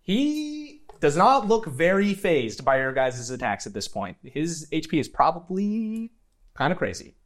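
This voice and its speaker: Animated, higher-voiced male game master. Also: a little slow. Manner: playful, vivid descriptions, laughs often. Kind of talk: narrating a tabletop game.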